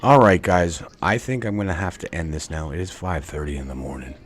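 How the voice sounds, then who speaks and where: A man's voice: low voice, brisk. A man hosting a casual sports talk stream with callers, talking in a hesitant way with frequent restarts. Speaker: stream host. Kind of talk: casual sports call-in chat.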